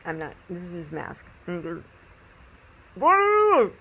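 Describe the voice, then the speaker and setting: A woman telling a personal story in an animated, chatty way with frequent laughter. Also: deep voice, a little fast, gravelly, slightly rough. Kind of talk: casual storytelling monologue.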